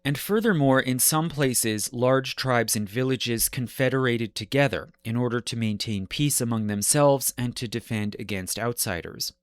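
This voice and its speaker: A man hosting a history podcast, explaining the geography in a measured lecture style and correcting himself as he goes. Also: medium pitch, clean tone, no echo, clean studio sound.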